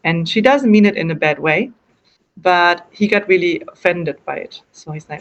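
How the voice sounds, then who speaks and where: A woman's voice: fairly low pitch, normal speed, fairly bright tone. A woman from Germany with a German accent, answering interview questions in English in a casual, hesitant way, often restarting and correcting herself as she explains.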